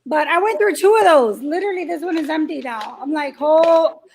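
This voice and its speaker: A talkative woman with a high voice tells a casual story in a group chat. She swears freely as she talks. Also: animated, fast. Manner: chatty, swearing, laughing storyteller.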